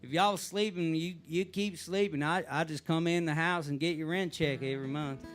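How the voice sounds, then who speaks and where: A man's voice: a little high, fairly even intonation, moderate pace, soft background music, pitched above the performer's own voice, lightly acted. A man putting on a laid-back male landlord from the American South. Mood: friendly. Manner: drawling, laid-back, repeats himself. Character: easygoing Southern US male landlord, middle-aged.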